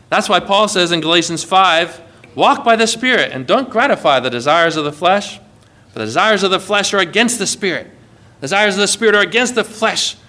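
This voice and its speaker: Bright high-voiced man preaching. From United States. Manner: earnest, emphatic preaching with dramatic pitch swings. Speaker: pastor. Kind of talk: sermon.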